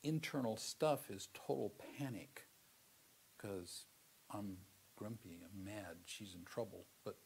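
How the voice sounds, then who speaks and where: A man's voice: on the low side, slow pace, gravelly, darkish tone, a little hiss or hum. A middle-aged man giving a seminary theology lecture, telling a personal story earnestly with sudden emphatic bursts.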